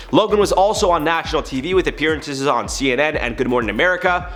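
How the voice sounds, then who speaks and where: Chatty and opinionated, this YouTube news commentary host talks his way through the story on his casual online show. His voice is slightly high and a bit bright.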